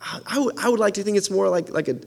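Young male preacher, earnest and excitable, voice a little high, talks loosely with many restarts. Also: very fast, gravelly. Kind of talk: casual sermon.

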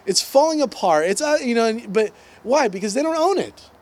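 Man in his thirties, pastor, lively sermon, high voice, chatty asides. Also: brisk. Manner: conversational, animated preaching with asides and quoted voices.

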